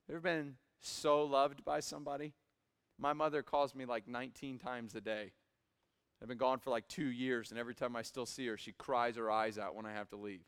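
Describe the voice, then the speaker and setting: A young man in his twenties preaching a sermon in a church, swinging from quiet asides to loud emphatic peaks. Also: on the high side, clean tone. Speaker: pastor. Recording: hall reverb.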